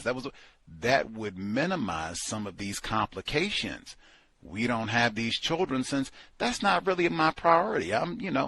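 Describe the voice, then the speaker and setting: A man hosting a book club discussion, talking in an animated, incredulous way, with sarcastic asides. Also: medium pitch. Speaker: podcast host.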